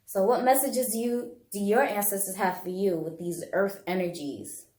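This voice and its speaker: A woman giving a casual pick-a-card tarot reading to camera, chatty and animated, laughing often and talking straight to viewers. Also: medium pitch, normal speed, echoey room. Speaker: tarot and bone-throwing reader.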